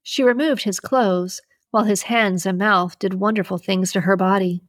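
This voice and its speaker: A woman hosting a podcast, reading an erotic thriller novel aloud in a steady, measured way. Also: mid-range voice, no echo, clean studio sound. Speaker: podcast host and reader.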